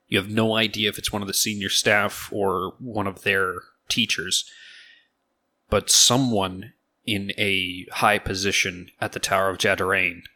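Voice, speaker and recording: A man narrating as game master of a tabletop game in a steady, descriptive way. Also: fairly low pitch.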